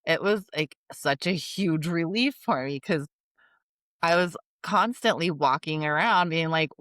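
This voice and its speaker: A woman's voice: on the low side, measured pace, fairly bright tone, no echo. A woman co-hosting a podcast in casual chat, talking loosely with lots of "like". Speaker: podcast co-host.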